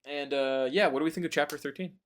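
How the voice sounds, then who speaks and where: A man hosting a casual podcast chat, retelling a book with swearing, jokes and loud mocking voices for the characters. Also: a little high, fast. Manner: profane, jokey retelling with loud mock voices. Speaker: podcast host.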